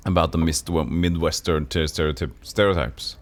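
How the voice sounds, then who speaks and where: A man's voice: a bass voice, steady tone, moderate pace. A man streaming a retro role-playing game, reading its text aloud and chatting casually with viewers.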